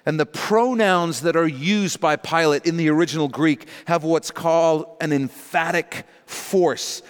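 A man's voice: a little high, measured pace, clean tone, long reverb tail. A man preaching a verse-by-verse sermon, emphatic and dropping in casual asides. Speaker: pastor. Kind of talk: sermon teaching through scripture.

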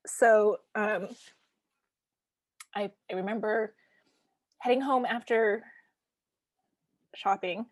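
A woman in her thirties from Canada, telling a personal story in casual conversation, animated and emphatic with frequent fillers. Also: medium pitch, slow pace, long pauses, no room sound.

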